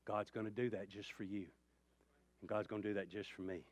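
A man preaching a sermon as pastor, swinging from loud, raised passages to hushed, quiet ones. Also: lowish voice, little pitch movement, brisk, dry recording. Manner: impassioned preaching, rising loud then dropping to hushed tones.

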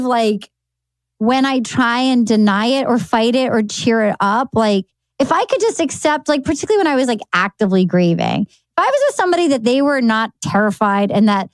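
A woman guest on a podcast, talking in casual chat, animated, swearing often and acting out quotes. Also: on the high side, no room sound. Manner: animated, swearing, acts out quotes in funny voices.

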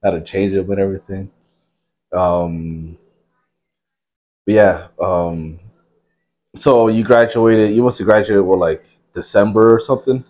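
Thirties male host, low voice, easygoing, cusses a lot. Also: unhurried, long pauses, lo-fi sound. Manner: relaxed, swears freely. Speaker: podcast host. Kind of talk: casual chat.

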